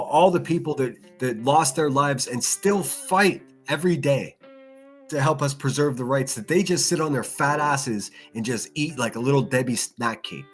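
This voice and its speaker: Husky guy on a livestream, heated and cussing a lot, mid pitch. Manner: heated, profane, repeats himself. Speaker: livestream host. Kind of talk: angry ranting commentary.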